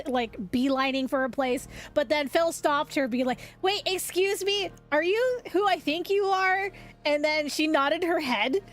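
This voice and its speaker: A young woman streamer chatting casually with her viewers, rambling, animated and laughing often. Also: sits high.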